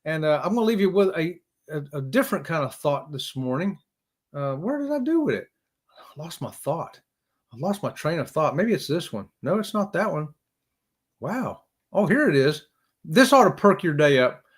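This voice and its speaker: A man's voice: on the high side, animated, normal speed, husky. A man hosting a casual live stream, rambling and chuckling as he talks to viewers by name.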